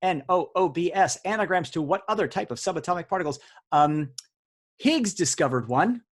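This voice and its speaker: A man's voice: high-pitched, animated, moderate pace. A man hosting a live online word quiz over a video call, chatty and teasing as he jokes with the players. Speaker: quiz host. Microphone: video call audio.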